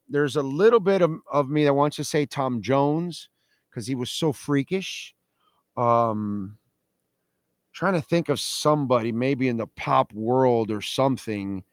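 In a radio studio, a male host talks casually and emphatically with strong opinions, often repeating himself with "no, no, no" and answering listener comments. His mid-range voice is recorded in studio quality with no echo.

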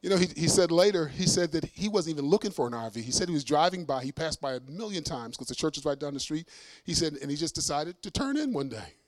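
A middle-aged man giving a sermon testimony as a preacher and singer, telling a story in a lively way, acting out dialogue with self-mocking humor. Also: a little high, fast, few pauses, dry recording, clean studio sound.

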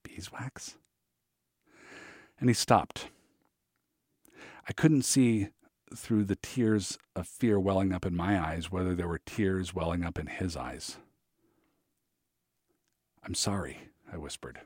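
A man narrating his memoir in a measured, reflective way. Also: deep voice, darkish tone, no echo, studio quality.

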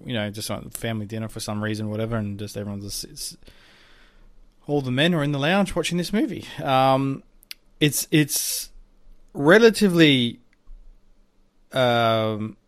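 A man's voice: mid-range voice, lively intonation, normal speed, no echo, studio quality. Rambling man, lots of ums. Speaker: podcast co-host. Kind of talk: casual chat.

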